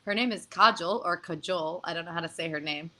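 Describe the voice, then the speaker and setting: A woman speaks as a guest on a video call, her voice sitting a little low yet sounding bright and forceful. She talks in an animated, casual way and breaks into laughter often. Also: fairly quick, rough recording. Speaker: guest performer. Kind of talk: casual interview chat.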